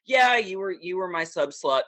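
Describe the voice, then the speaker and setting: Brash, bright-voiced man in his thirties. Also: sits high, moderate pace, no room sound. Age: 30s. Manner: candid, profane and animated. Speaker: podcast guest. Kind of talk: casual interview talk.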